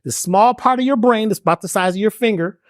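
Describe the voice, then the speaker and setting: A man's voice: sits high, fast, no room sound, studio quality. A man being interviewed who teaches in an emphatic, preacherly way, firing off rhetorical questions and slang. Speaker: guest, spiritual healer and herbalist.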